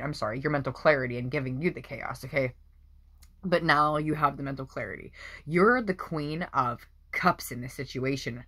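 A woman's voice: sits low, a bit bright. A woman doing a casual tarot reading, talking bluntly, swearing freely and repeating phrases for emphasis. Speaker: tarot reader.

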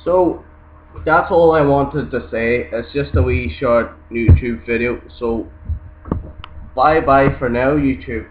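A man with a Scottish accent reads a folktale aloud, then talks casually in a halting, hesitant way with many ums. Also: medium pitch, slight background noise. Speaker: YouTuber giving accent tips. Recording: echoey, tinny lo-fi recording.

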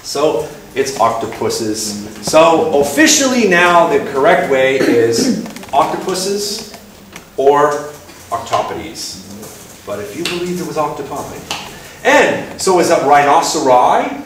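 A man's voice: fairly high pitch, sing-song, slow pace, a bit bright. A man giving a casual, playful public talk to an audience, joking at his own expense and acting out little exchanges. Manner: playful and self-mocking, acts out little dialogues. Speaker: guest speaker at a talk event. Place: lecture room with an audience. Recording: very echoey room, distant mic, faint hiss.

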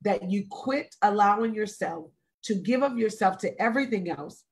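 Woman in her 40s hosting a live stream, slow and earnest, leans on repeated phrases, mid-pitched. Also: lively intonation. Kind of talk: earnest, deliberate talk. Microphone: video call or live stream.

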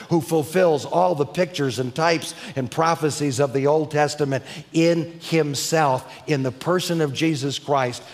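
A man preaching a sermon emphatically, building to crescendos and slowing down to stress key words. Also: on the high side. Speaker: preacher and teacher. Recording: long hall reverb.

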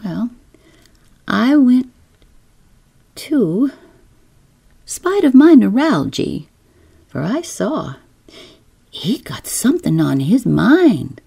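A whining, self-pitying village gossip from rural New England, put on by a woman reader. She rambles on in a high, gravelly, sing-song voice with a husky edge. It is a slow storybook reading. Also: sing-song, mellow, full character voice.

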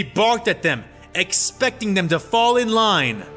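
A man giving a dramatic, expressive narration of fan fiction. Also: sits high, measured pace, soft background music. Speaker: storyteller.

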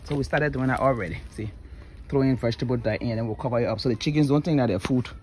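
A woman's voice: rapid-fire, a little hiss or hum. A woman, chatting casually to the camera at her home and yard as a vlogger. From Liberia. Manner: chatty, talks to camera and to kids and dogs, lively swings up into high scolding. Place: outdoors at a home yard and kitchen.

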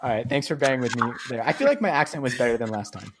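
A man's voice: medium pitch, expressive, very fast, noisy background. A man co-hosting a podcast in casual chat, joking as he introduces listener reviews. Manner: joking, reads reviews aloud. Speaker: podcast co-host.

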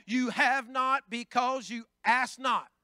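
A man pastor preaching a Pentecostal sermon, building from plain talk into shouting. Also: very high voice, fairly even intonation, slow, clear, resonant tone, dry recording. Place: church sanctuary.

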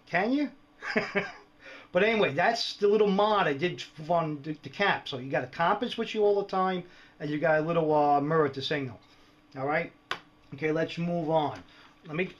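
A slightly high-voiced man talks through his gear in a loose, joking way, tossing in "right?" and "all right" every few words. The sound is dull and lo-fi, like an old home video. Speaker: prepper video host. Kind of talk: casual show-and-tell vlog.

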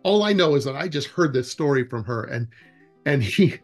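His voice a little high and his speed normal, a man interviewed about outdoor education spins loose, rambling anecdotes with frequent restarts while faint music plays. The executive director of a wilderness education program, he animatedly acts out the quoted dialogue.

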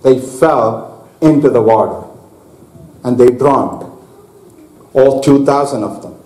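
A man preaching a sermon to a congregation, slow and deliberate, stopping to ask his listeners questions. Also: high-pitched, dark tone. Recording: echoey hall.

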